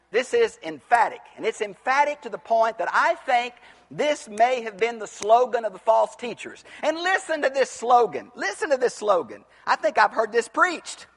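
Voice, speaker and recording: A man preaching an expository Bible sermon, teaching from the text and rising to near-shouts on his rhetorical questions. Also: very high voice, big-room sound.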